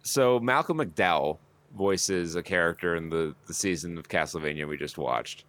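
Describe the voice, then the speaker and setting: Very deep-voiced profane podcast host. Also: male voice, moderate pace, a bit bright. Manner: rambling, profane, laughs often. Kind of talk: casual chat.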